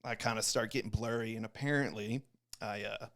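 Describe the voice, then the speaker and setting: A young man, a Navy corpsman and podcast guest, telling a story in a casual, animated way, full of swearing and acted-out quotes. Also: lowish voice, brisk. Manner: profane, animated, acts out quoted voices.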